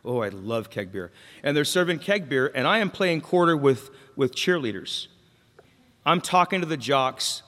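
A man's voice: medium pitch, lively intonation, moderate pace, fairly bright tone. A man speaking at a recovery meeting, telling his own story candidly with jokes and questions to the crowd. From Mexican-American. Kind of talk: personal testimony talk. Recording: long hall reverb.

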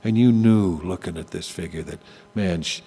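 An older man telling personal stories to an audience in a conversational way, often halting and restarting his sentences. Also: sits low, mellow, breathy edge. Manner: halting, with frequent restarts and asides. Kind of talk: conversational storytelling talk. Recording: long hall reverb, faint hum.

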